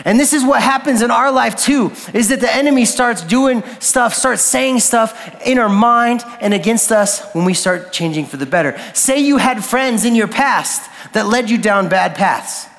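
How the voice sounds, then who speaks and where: Guy youth pastor preaching, high-ish voice, casual slangy talk, big echoey church hall. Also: expressive, normal speed, vocal fry, few pauses, fairly bright tone. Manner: casual and slangy, building to emphatic peaks. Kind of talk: sermon. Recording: long reverb of a large hall.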